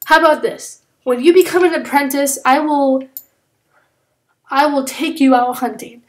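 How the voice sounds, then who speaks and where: A caring tomcat father who speaks in an earnest, pleading way, read out by a woman narrating her own story. The voice stays high and close to her own. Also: measured pace. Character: gentle, caring male cat father.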